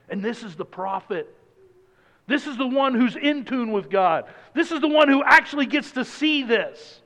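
A man preaching a sermon, moving from loud emphatic lines to hushed, low passages. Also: expressive, normal speed, in a large hall. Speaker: pastor.

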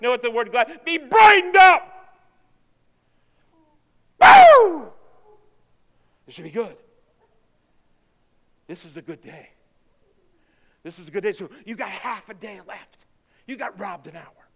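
Male pastor, 50s, very high voice, excitable sermon delivery, reverberant hall. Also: a little slow, gravelly, long pauses. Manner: excitable, swings from loud whoops to near whispers.

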